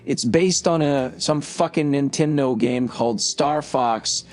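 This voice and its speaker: A man's voice: mid-range voice, unhurried, darkish tone, lightly acted. A man doing an impression of a crude, grumbling middle-aged comedian podcaster, ranting with a lot of swearing. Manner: profane, grumbling rant.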